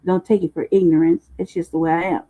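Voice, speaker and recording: Stream host rambling casual, swears a lot, gravelly voice, sounds like it's coming thru a phone. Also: medium pitch, level tone, quick pace. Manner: profane, loose, laughing slang talk. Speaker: livestream host. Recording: muffled phone-like livestream audio.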